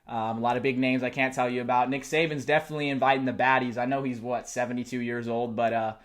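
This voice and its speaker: Breathless, excited young man. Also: medium pitch, fast talker. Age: young adult. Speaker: sports vlogger. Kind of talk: live unscripted vlog reaction. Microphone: close mic, camera and laptop.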